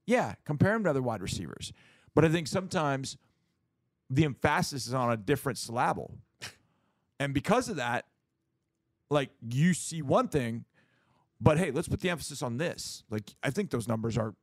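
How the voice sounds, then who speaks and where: A middle-aged man co-hosting a sports talk show, making his case in a lively, casual way, often acting out what others would say. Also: medium pitch, moderate pace, no room sound. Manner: animated, acts out quoted voices, repeats words.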